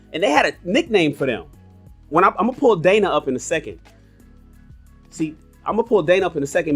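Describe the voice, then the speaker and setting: 40s guy hosting a live podcast, kinda high voice, blunt and swears a lot, soft guitar music behind. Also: slightly rough. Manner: animated, blunt, profane storytelling. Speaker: podcast host. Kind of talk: casual livestream chat.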